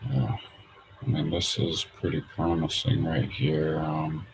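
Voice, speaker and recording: Guy with a deep gravelly voice muttering through his trades, slow and full of ums. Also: expressive, background noise. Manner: hesitant, many fillers, thinks aloud. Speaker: day trader streaming his charts. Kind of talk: casual thinking-aloud commentary.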